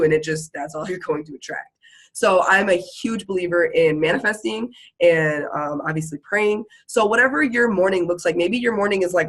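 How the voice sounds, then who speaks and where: A woman giving an energetic motivational talk to her sales team, chatty and quick in bursts. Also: lowish voice, low-quality recording. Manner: fired-up, chatty, fast bursts, frequent "like" and "literally". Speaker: network marketing team leader. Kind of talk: motivational live video talk.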